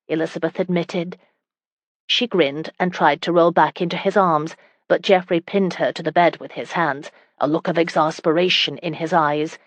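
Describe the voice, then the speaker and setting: Woman narrator for a romance audiobook, low voice, dry booth sound, measured reading. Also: fairly even intonation, no echo.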